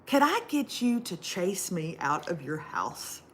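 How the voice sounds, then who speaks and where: A man's voice: high-pitched, sing-song, measured pace, a bit bright, a little hiss or hum, voice pushed down, exaggerated voice. A woman voicing a polite, eager young man who asks sheepish favors while she tells a story. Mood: sheepish pleading.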